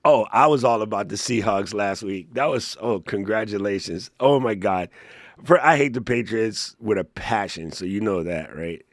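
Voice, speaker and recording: A man hosting a live Q&A stream, playful and joking, chatting to viewers in a slightly hoarse voice. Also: on the low side, normal speed, no room sound, studio quality. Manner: playful, joking, laughs often, reads chat aloud. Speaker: livestream Q&A host. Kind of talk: casual live-stream chat.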